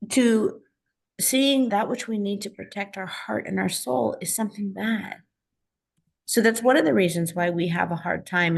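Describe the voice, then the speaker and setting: A woman's voice: mid-range voice, creaky. A woman coach teaching an online class, speaking earnestly and emphatically and telling personal stories to make her points. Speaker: self-help coach and teacher.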